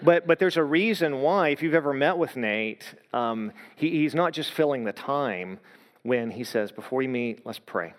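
A man's voice: fairly high pitch, animated, moderate pace. A man preaching a sermon, telling a story in a conversational way with frequent restarts. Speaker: pastor. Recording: long hall reverb.

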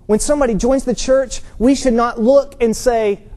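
A pastor preaching an earnest, emphatic sermon in church, lifting his voice to stress key points and dropping low for a story. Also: fairly even intonation, normal speed, warm tone.

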